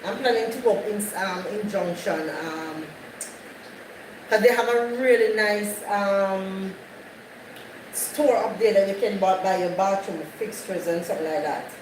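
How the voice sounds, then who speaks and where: A woman's voice: mid-range voice, measured pace, distant mic. A woman hosting a live stream, chatting casually with viewers, greeting them by name and repeating herself. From Jamaica. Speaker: livestream host. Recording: echoey, off-mic, noisy background.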